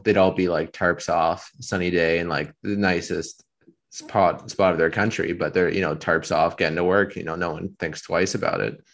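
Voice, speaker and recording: Deep-voiced man rambling casually. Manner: rambling, deadpan storytelling with many fillers. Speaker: podcast co-host. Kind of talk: casual chat.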